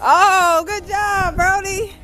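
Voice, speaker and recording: A young mother filming her family in a snowy backyard, talking casually and teasing the kids with lots of laughter. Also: extremely high pitch. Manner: playful, teasing, laughing often. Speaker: vlogger, mother.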